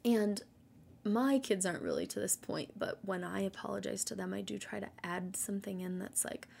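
A woman in her thirties hosting a solo parenting podcast, earnest and practical, often dropping into a breathy near-whisper. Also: mid-range voice, animated, moderate pace, a little mellow, a little hiss or hum. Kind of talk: casual solo podcast talk.

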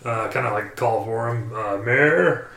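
A man's voice: fairly low pitch, steady tone, moderate pace, fairly bright tone. A man playing a tabletop game, talking casually and thinking aloud. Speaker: player. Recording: echoey room with faint noise.

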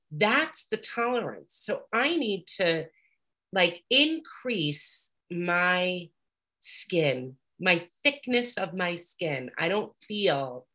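Middle-aged woman, slightly low voice, earnest recovery share, loose and conversational. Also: a bit bright. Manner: earnest, conversational, many fillers; reads aloud from a book at times. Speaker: recovery speaker sharing experience.

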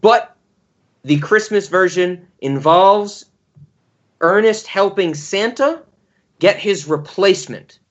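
A man's voice: high-pitched, animated, slow, long pauses, dull audio. A man co-hosting a podcast, giving long-winded, rambling explanations in casual chat. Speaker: podcast co-host.

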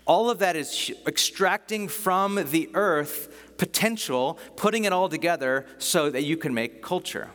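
A man's voice: on the high side, a little slow, hardly any pauses, a bit bright. A man preaching a sermon in a conversational, enthusiastic way, often restarting his sentences. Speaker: pastor. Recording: long hall reverb.

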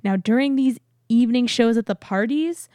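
A woman's voice: on the high side, normal speed, mellow, dry recording. A young adult woman co-hosting a podcast in casual chat, rambling a little and laughing often. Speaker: podcast co-host.

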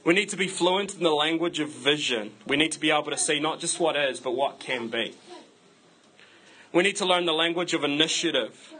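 Bright-voiced preaching man. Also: a little high, brisk, low-quality recording. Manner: conversational, self-deprecating humor. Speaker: pastor. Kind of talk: sermon.

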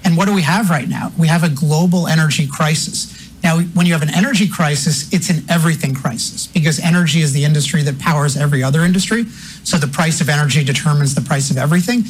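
A man appearing as an author guest on a TV interview, laying out a brisk, articulate argument. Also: fairly high pitch, slight background noise, rough recording. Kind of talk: fast explanatory argument.

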